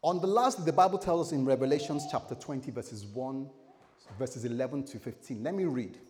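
A man's voice: medium pitch, a little fast, darkish tone. A male pastor preaching a sermon in a storytelling style, with chatty asides to his audience. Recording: echoey hall, faint room noise.

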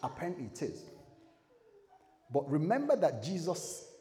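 A man's voice: on the high side, huge pitch swings, moderate pace, mellow. A male pastor preaching a sermon in a storytelling style, with chatty asides to his audience. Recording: echoey hall, faint room noise.

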